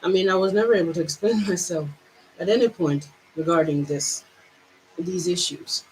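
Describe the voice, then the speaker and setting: A woman vlogger with a Jamaican accent, pouring out her feelings in a halting personal monologue full of restarts. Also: lowish voice, darkish tone, a little hiss or hum, rough recording.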